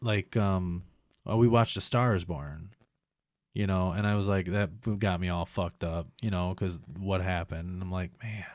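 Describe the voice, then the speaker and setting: A man's voice: deep voice, fairly even intonation, normal speed, dry recording, studio quality. A young man hosting a casual chat, rambling with many restarts and frequent swearing. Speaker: host. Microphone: headphones.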